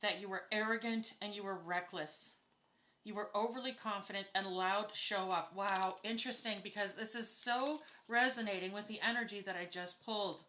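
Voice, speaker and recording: A woman talks through a tarot spread in a bright voice. She reads casually and bluntly, swears freely and sounds openly indignant. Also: mid-range voice, fairly even intonation, moderate pace, slight background noise. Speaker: tarot reader. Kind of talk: casual spoken tarot reading.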